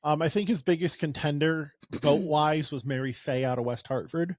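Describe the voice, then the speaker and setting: Sarcastic podcast host, dry mic. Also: male voice, on the high side, normal speed, dry recording. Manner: rambling, sarcastic asides. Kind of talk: casual political podcast chat.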